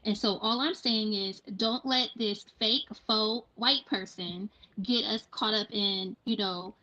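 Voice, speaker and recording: A woman's voice: mid-range voice, fairly even intonation, slow pace, sharp tone, dull audio. A woman in casual commentary, earnest and cautioning, often restarting her sentences.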